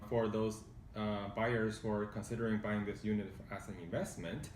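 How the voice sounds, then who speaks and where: A real estate agent with a measured, factual delivery, presenting a condo unit indoors. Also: male voice, lowish voice, little pitch movement, a little mellow, recorded from a distance, a little hiss or hum. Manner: measured, factual, hesitant fillers. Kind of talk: informative property presentation. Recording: roomy sound from off-mic.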